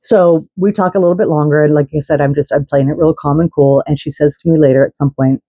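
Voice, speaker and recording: A woman's voice: sits low, steady tone, fast, hardly any pauses, dark tone, no room sound, lo-fi sound. A woman vlogger telling a story in a casual, indignant way, swearing and restarting her sentences.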